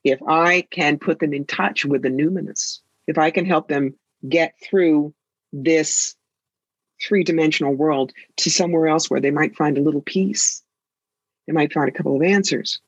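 A woman's voice: low-pitched, moderate pace, breathy edge, dry recording, muffled recording. A woman psychic and author telling stories in an interview, with a sassy, theatrical manner. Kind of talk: interview conversation.

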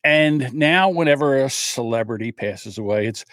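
A man's voice: a little high, animated, brisk, dry recording, clean studio sound. An older man hosting his own podcast livestream alone, rambling in a self-deprecating way and openly nervous. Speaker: podcast host. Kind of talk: solo livestream chat.

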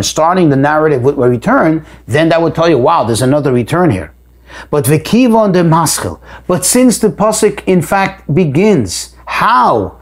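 Man, higher pitch, text study lesson, reads then explains, emphatic rises. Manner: reads a phrase aloud, then explains it in plain words; repeats words while thinking, lively rises for emphasis. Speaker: Torah teacher.

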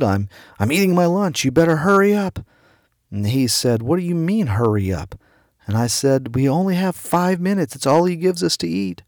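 A man's voice: fairly low pitch, darkish tone, no room sound, studio quality. A middle-aged man preaching a devotional sermon, telling a personal story and quoting the people in it. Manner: storytelling, quotes people in his own raised voice. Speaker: pastor.

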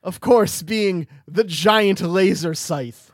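Man doing a loud, high, pompous fake-British sleuth, yelled. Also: slow pace, no echo, clean studio sound. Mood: pompous shouting. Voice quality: yelling, exaggerated pompous delivery. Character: shouting mock-British detective, adult man.

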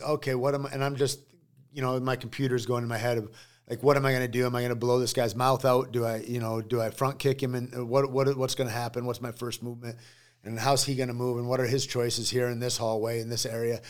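Man telling an animated story. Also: medium pitch. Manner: animated storyteller acting out quoted voices. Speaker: podcast guest. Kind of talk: casual storytelling. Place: podcast studio.

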